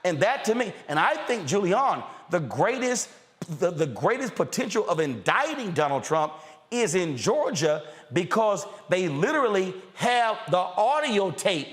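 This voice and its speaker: A middle-aged man hosting a commentary show, talking in an animated, mocking, slangy way with rising outbursts. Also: high-pitched, a little slow. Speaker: host. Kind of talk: lively commentary.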